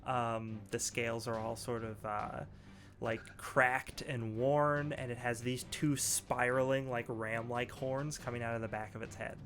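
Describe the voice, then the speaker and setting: A man narrating a tabletop game as game master, relaxed and laughing, with many fillers. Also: mid-range voice, measured pace. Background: faint background music.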